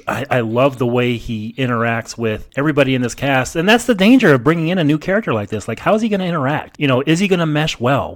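Man, podcast co-host; casual, enthusiastic movie commentary, mid pitch. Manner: enthusiastic, emphatic, swears casually.

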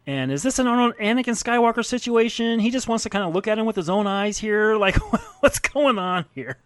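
A man's voice: sits high, quick pace, clear, resonant tone, dry recording. A man recapping a film's scenes in casual chat, narrating events and laughing as he goes. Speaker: podcast co-host recapping a film.

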